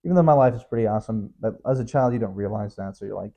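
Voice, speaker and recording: Mellow-voiced young man rambling solo. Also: mid-range voice, quick pace, highs cut off. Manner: rambling, self-mocking, joking asides. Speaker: podcast host. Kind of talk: casual solo monologue.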